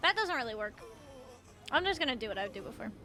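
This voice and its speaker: High bright-voiced woman streamer. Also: very animated, fast, soft background music. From Canada. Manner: casual, swears freely, chats with viewers. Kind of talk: live gaming stream chat.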